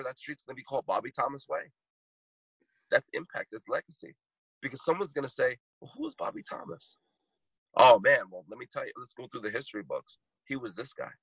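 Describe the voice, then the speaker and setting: A man's voice: mid-range voice, fairly bright tone, slightly rough, no echo, muffled recording. A man in his thirties, a podcast guest and motivational speaker, telling a heartfelt story with emphatic repetition while choked up. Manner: emphatic, repeats phrases for impact.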